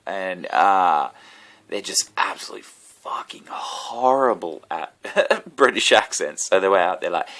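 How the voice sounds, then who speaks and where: A man's voice: sits low, fairly bright tone. A man, a comedian, telling a rambling, profane story straight to camera with self-mocking asides. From Australia. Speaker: comedian vlogger. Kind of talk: rambling casual monologue.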